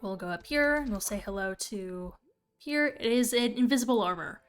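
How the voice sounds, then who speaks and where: A woman's voice: a little high, lively intonation, moderate pace, clean tone, faint music behind. A young woman casually chatting and thinking aloud while she plays a game on stream. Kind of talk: casual gameplay commentary.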